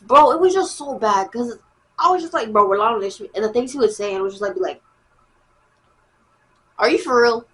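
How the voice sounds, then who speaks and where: A woman's voice: a little high, a little fast, long pauses. A teenage girl telling a story in a casual, slangy way, repeating herself and acting out what people said. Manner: animated, slangy, repeats herself, acts out quotes. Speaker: storyteller vlogger.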